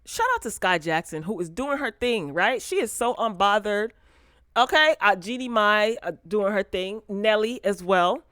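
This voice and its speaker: Woman, vlog host, mid-pitched, animated and sassy, chats right to viewers on a dry close mic. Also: moderate pace, no echo. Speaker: host of a pop culture talk show. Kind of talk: casual commentary vlog. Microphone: close desk mic.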